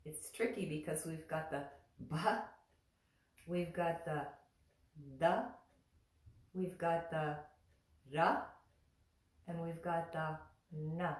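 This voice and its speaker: A woman with a lowish voice leads a very slow, patient pronunciation lesson, drawing out syllables and repeating them with care. She sounds a little distant from the mic, in a roomy space with a clear echo. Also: fairly even intonation. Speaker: Sanskrit pronunciation teacher.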